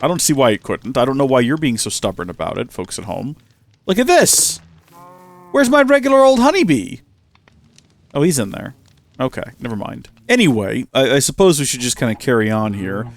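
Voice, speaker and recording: A chatty young man narrating his gameplay, swinging up and down through a lively, animated pitch. He mocks himself, scolds the creatures on screen and talks to the folks at home in an easy, playful way. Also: quick pace, creaky, dry recording. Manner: chatty, self-mocking, talks to his bees and the viewers. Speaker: Minecraft let's-play host. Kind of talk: casual gameplay commentary.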